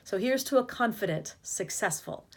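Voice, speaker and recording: A woman's voice: medium pitch, animated, normal speed. A woman voice and leadership coach giving direct-to-camera advice in an upbeat, emphatic way. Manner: demonstrates vocal habits by mimicking them.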